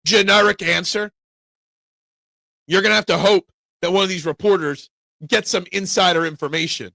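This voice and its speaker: A man hosting a live sports talk show, giving opinionated, excitable fan takes and answering chat. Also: high voice, gravelly, no echo.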